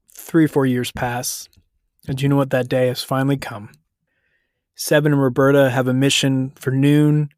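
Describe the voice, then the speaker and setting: A man's voice: mid-range voice, fairly even intonation, a little mellow, no room sound, studio quality. A man hosting a podcast, casually retelling a story in a loose, conversational way. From United States. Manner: conversational, loose, self-correcting retelling with quick paraphrased quotes.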